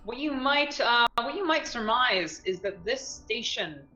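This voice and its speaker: Slow, bright-voiced woman game master. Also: a little high, animated, soft background music, low-quality recording. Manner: halting, many ums and restarts. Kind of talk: narrating a tabletop game.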